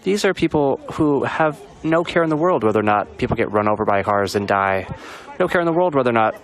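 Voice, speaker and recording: A man's voice: mid-range voice, expressive, brisk. A man live-streaming from a street protest outdoors, talking in blunt, sardonic commentary and swearing casually.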